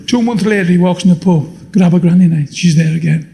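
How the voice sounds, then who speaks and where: An older man performing a blunt, swearing stand-up comedy routine with deadpan punchlines. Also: high voice, fast, creaky, hardly any pauses, slight background noise. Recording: live show in a long-reverb hall.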